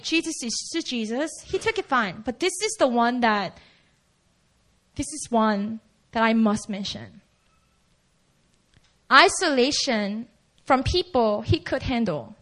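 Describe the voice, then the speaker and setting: A woman's voice: sits high, sharp tone. A woman preaching a sermon in a casual, conversational way, acting out the quoted lines.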